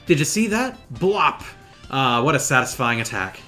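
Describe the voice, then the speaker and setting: A man's voice: very animated, normal speed, pushed and bright, soft background music. A man voicing an eager young paper girl guide. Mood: coaching. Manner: eager and coaching, pitched up. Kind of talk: reading game dialogue aloud.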